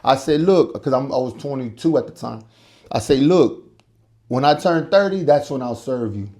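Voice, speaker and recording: A man telling his life story in a casual interview, loud and animated, acting out the voices of the people in it. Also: medium pitch, moderate pace. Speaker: guest business owner.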